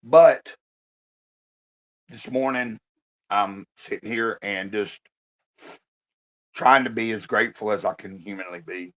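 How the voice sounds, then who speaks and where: A hoarse man in a halting, casual live-stream check-in, talking into his phone with many pauses and fillers. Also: lowish voice, fairly bright tone, low-quality recording.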